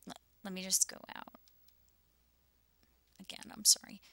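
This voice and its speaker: A woman talks anxiously over a map, shaken and near tears, her words stumbling and often sinking to a whisper. Her voice is bright with a gravelly edge. The sound is dry and close. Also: mid-range voice, little pitch movement, a little slow, no room sound. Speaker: YouTuber sharing visions.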